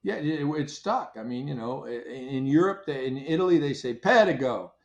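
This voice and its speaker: A man's voice: medium pitch, normal speed, dull audio. An older man, a company founder, recounts how he started his business. He tells it like a casual story and acts out what people said along the way. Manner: animated storyteller, acts out his own past dialogue. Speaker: company founder, interview guest.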